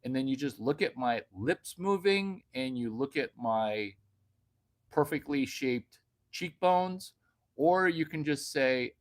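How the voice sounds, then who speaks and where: Brash man doing a slow stand-up monologue. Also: mid-range voice, lively intonation. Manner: brash, jumps between whispers and sudden loud outbursts. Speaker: comedian.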